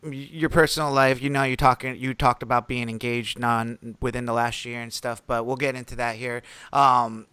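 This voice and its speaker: Smooth-voiced man hosting a podcast. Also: medium pitch, flat delivery, normal speed, hardly any pauses, bright, forceful tone, no echo. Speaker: podcast co-host. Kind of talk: casual podcast chat.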